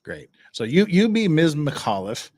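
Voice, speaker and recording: A male podcast host with a lively, swinging voice who jokes and laughs as he talks. He sits in the middle of the usual male range, and the sound is close and dry. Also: on the high side, a little slow, dry recording. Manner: animated, laughs often, joking. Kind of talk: comedic legal commentary and transcript reading.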